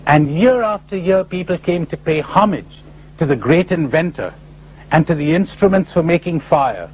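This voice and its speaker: Animated man giving a spiritual talk. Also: a little high, moderate pace, slight background noise, low-quality recording. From India. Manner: animated storyteller, playful and emphatic. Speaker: spiritual speaker. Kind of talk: spiritual lecture with stories.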